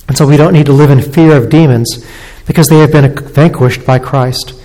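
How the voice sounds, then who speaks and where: A man preaching a sermon in an earnest, steady voice at a middling pitch, sometimes restarting his words. His voice rings out with a long reverb, as in a church hall. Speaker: pastor.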